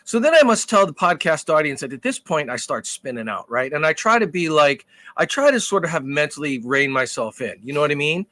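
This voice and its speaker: Guy ranting thru a story on a podcast, swears a lot, voice sits kinda high, super dry no room sound. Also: fairly quick, no room sound. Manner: profane, animated storytelling. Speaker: podcast co-host. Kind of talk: casual chat.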